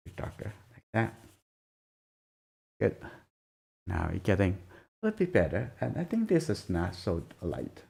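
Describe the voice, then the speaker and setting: Soft-spoken gravelly drawing teacher. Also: male voice, low voice, wildly swooping pitch. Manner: soft-spoken, halting, murmurs while drawing. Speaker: drawing instructor. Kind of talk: live drawing demonstration.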